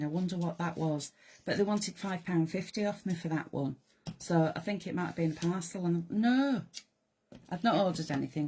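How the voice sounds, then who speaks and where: A woman with a croaky voice hosting a live card-making demonstration, chatting in rambling asides to her viewers. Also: on the low side, mellow. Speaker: crafting host.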